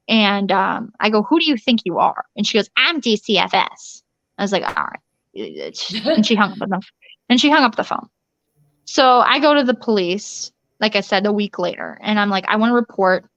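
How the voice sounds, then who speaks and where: A woman's voice: medium pitch, fairly bright tone, no echo. Woman urgently recounting her story. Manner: urgent, rushed retelling with restarts and quoted dialogue. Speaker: interview guest. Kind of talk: recounting a personal ordeal in an interview. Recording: dull lo-fi dry recording.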